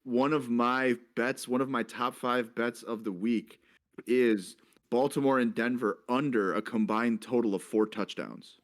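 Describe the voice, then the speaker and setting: A man hosting a casual sports betting chat in an everyday middle-pitched voice. He is brisk and steers the conversation from one topic to the next. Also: fairly even intonation. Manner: brisk, moves the discussion along. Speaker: host.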